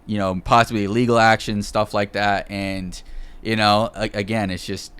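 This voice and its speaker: Low, smooth-voiced man hedging his views. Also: fairly bright tone. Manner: hedging, filler-heavy talk. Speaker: podcast host. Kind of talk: casual podcast chat.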